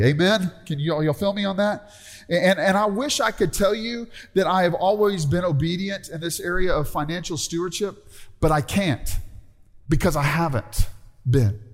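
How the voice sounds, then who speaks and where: A man's voice: on the high side, lively intonation, moderate pace. A middle-aged man preaching a conversational sermon and calling out for amens from the congregation. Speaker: pastor. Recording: long hall reverb.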